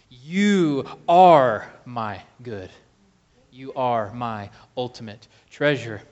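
A man preaching a sermon, slow and emphatic, calling to the congregation for amens. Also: on the high side. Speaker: pastor.

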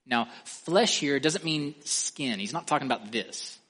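A man's voice: medium pitch, lively intonation, a little slow, hardly any pauses, fairly bright tone, slightly rough. Man preaching with emphatic rhythm. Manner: emphatic, asks the listeners questions, varies pace and volume for stress. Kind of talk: expository sermon.

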